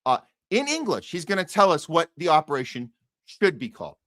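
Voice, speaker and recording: A man's voice: fairly high pitch, big pitch swings, a little fast, a bit bright, no echo, studio quality. A man hosting a podcast, giving heated, profane and sarcastic political commentary that often repeats itself. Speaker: podcast host.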